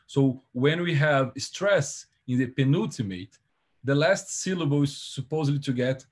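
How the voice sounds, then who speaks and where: An animated man presents an academic seminar talk in a medium-pitched voice with a husky edge. He explains carefully, pausing on fillers and correcting himself as he goes.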